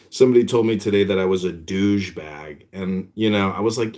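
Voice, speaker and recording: A man chatting in an online audio room, rambling in a relaxed, self-mocking way. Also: low-pitched, unhurried, long pauses. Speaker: room host.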